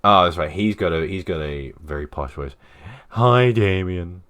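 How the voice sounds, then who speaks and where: A man's voice: very deep voice, a little fast, pushed and bright. A man casually playing a dating game on stream, reading the narration and dialogue aloud with jokey asides.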